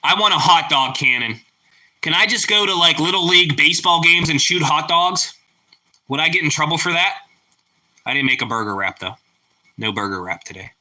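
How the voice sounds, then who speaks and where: Man, young adult, livestream host, casual chatty talk, crisp bright tone, streaming mic. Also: fairly high pitch, normal speed. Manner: relaxed, chatty, exclaims "woo" over food. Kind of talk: casual live chat with viewers.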